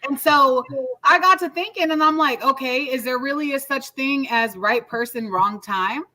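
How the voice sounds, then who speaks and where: A woman recounting a story in a casual podcast chat, acting out what she and others said as she goes. Her voice is bright and a touch high. She swears easily and keeps a chatty rhythm. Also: normal speed, rough recording. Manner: storytelling, quotes herself and others, cursing. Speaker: podcast co-host. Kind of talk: casual group discussion.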